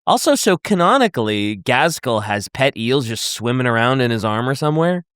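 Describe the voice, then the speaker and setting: A man's voice: mid-range voice, normal speed, clean tone, no echo, clean studio sound. A man co-hosting a podcast, retelling lore and joking around with casual swearing. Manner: animated and jokey, swears casually. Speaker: podcast co-host.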